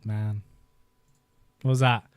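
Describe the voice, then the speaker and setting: A man's voice: lowish voice, little pitch movement, takes it slowly, clean tone, no room sound. A man in his thirties chatting casually on a live stream, rambling and nostalgic, often laughing as he talks into a desk microphone. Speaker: YouTube host.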